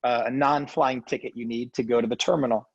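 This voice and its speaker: A man's voice: mid-range voice, fairly even intonation, creaky, husky, no room sound, muffled recording. A man telling his life story as a guest in a casual interview, earnest and emotional. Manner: earnest, emotional, quick asides like "right?".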